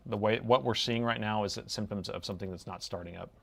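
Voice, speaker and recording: Here a middle-aged man with a lowish voice and noticeable vocal fry talks at a quick pace. He's fixing a laptop and thinking aloud while he measures, drawling in a relaxed way and tagging "man" onto sentences.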